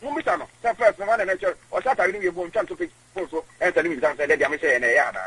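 A man with a Ghanaian accent, an interview guest talking in an animated, emotional way, mixing English and Twi. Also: fairly high pitch, quick pace, husky, rough recording.

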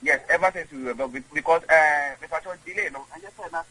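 A man with a Ghanaian accent, an interview guest talking in an animated, emotional way, mixing English and Twi. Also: on the high side, fast talker, husky, poor audio.

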